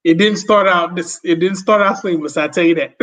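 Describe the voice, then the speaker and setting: A man who is a guest on a podcast, talking in a reflective, halting way and often repeating his words as he chats casually. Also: sits high, a bit bright. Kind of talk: casual conversation. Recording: dull lo-fi sound.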